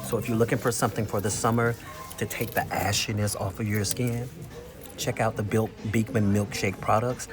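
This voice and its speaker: A man chatting casually to camera in a weekly vlog, telling stories and showing off products in an animated, talkative way. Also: fairly low pitch, moderate pace, over music. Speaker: vlogger. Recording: noticeable background noise.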